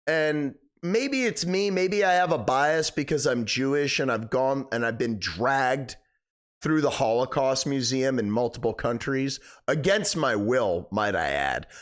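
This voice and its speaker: A man's voice: mid-range voice, animated, measured pace. A young man hosting a live stream, chatting casually and rambling, swearing a lot, his voice cracking. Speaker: livestream host.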